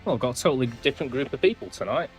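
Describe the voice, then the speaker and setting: A man's voice: mid-range voice, expressive, very fast, faint music behind. A man streaming a video game, chatting casually in a rambling, self-mocking way. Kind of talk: casual live-stream chat.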